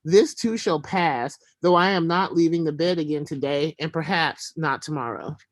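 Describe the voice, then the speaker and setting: A man reading his own prose aloud in a wry, deadpan way. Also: a little high, normal speed, no room sound. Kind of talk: literary reading.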